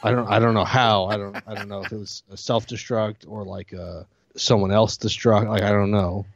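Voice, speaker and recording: A man's voice: lowish voice, fairly even intonation, normal speed, vocal fry, dry recording. Dry-humored male podcast host, muffled audio. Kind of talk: casual podcast chat.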